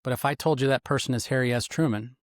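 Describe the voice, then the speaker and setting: Retired investigator type, middle-aged man, rapid teaching talk, dry mic. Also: medium pitch, no echo. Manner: animated, instructive, acts out quoted lines. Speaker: guest, retired federal agent and interrogator. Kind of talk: explanatory interview talk.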